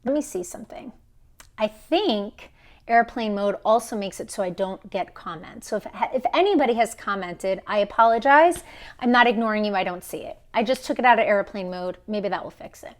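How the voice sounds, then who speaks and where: A woman's voice: mid-range voice, lively intonation, normal speed. A woman in her thirties on a phone live stream, telling a story in an emphatic way and acting out the people she quotes. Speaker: vlogger.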